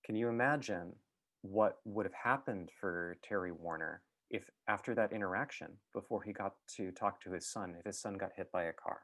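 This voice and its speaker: A man speaking in a reflective, exploratory way as a guest speaker. His voice sits a little low. He pauses, restarts and fills gaps with small hesitations as he thinks aloud. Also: fairly bright tone. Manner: thoughtful, halting, with many fillers and restarts. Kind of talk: reflective talk.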